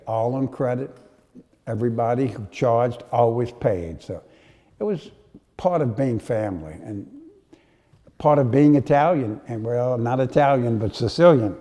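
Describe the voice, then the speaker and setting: An older man from New Orleans, speaking with its local accent, recalls the past in a relaxed, mellow voice. His storytelling is unhurried and dotted with fillers. The room gives a long, trailing reverb. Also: medium pitch. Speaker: interviewee. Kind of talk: reminiscing interview. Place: historic house.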